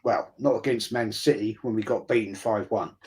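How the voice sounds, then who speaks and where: A man's voice: on the low side, fairly even intonation, moderate pace, darkish tone. Rambling man telling matey stories. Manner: rambling storyteller, says mate, restarts. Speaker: livestream co-host. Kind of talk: casual football chat.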